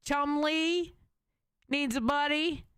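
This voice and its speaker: A woman's voice: high-pitched, fairly even intonation, slow pace, a bit bright, no echo, studio quality. A woman streamer reacting to a call on a live stream, reading out chat and swearing dramatically and mockingly. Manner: reads out chat comments.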